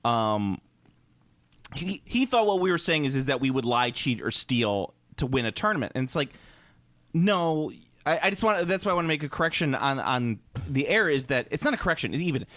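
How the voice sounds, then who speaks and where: Lively chatty man, dry close sound. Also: on the high side, moderate pace, dry recording. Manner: chatty, joking, trails off into restarts. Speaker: podcast co-host. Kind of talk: casual podcast chat.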